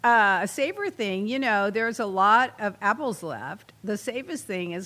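A woman's voice: medium pitch, very animated, normal speed, a bit bright. Lady hosting a chat show, lots of up and down in her voice, laughs through the jokes. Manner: chatty, opinionated, laughs while reading jokes. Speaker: host. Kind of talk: casual chat show banter.

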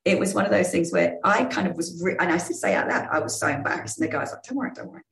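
A woman in her fifties from England, a former rugby player and sports journalist, telling lively anecdotes in a casual interview. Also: fairly low pitch, fast talker, reverberant, rough recording. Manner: lively storytelling with restarts.

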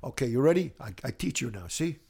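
A man's voice: medium pitch, expressive, fast, vocal fry, darkish tone, husky. A man imitating his immigrant Italian father, who speaks proud, insistent broken English with an Italian accent. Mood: patient.

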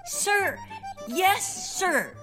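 A woman's voice: extremely high pitch, very animated, very slow, over music, full character voice. A woman as an eager by-the-book sergeant. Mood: earnest. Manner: clipped, earnest, by-the-book. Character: eager female police sergeant, Mozzarella. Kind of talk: comedy audio sketch.

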